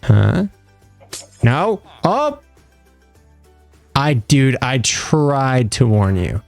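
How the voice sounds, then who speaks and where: Speaking extremely slowly in a gravelly, mid-range voice with big pitch swings, a young man streams a game live. He rambles and jokes with his audience in a self-mocking way, with faint music playing behind him.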